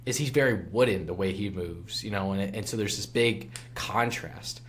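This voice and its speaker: A man's voice: lowish voice, moderate pace, fairly bright tone, slight background noise. A man co-hosting a movie podcast, talking casually and hesitantly with frequent restarts. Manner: hesitant, stumbling. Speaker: podcast co-host.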